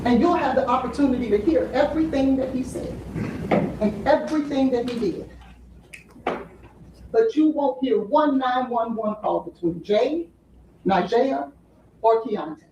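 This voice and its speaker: A woman's voice: fairly high pitch, unhurried, long pauses, background noise. A woman giving a courtroom opening statement as defense attorney, with emphatic repetition to the jury. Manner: emphatic, repeating "you'll hear" to a jury. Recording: echoey courtroom audio from far off.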